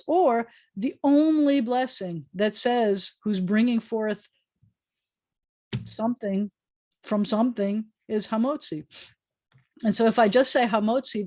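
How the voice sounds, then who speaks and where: A woman's voice: a little high, a little mellow. A woman rabbi teaching a prayer book Hebrew lesson over a video call, explaining patiently with frequent ums. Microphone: video call microphone.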